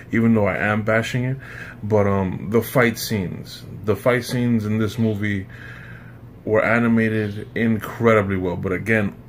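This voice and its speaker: A man's voice: lowish voice, slight background noise. A man giving a casual spoken film review, rambling and stumbling over repeated words as he recaps the plot. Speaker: movie reviewer.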